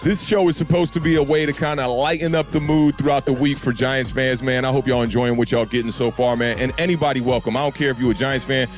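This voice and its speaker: Deep-voiced laid-back man talking football. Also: steady tone, fast, hardly any pauses, soft background music. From United States. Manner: laid-back, slangy, addresses listeners as y'all. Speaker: podcast host. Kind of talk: casual sports talk.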